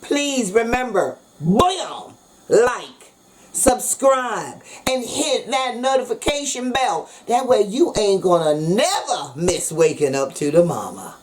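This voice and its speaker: A woman's voice: mid-range voice, big pitch swings, slow. A woman hosting a casual cooking vlog in her kitchen, talking in a playful, jokey, slangy way. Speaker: cooking show host. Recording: noisy background.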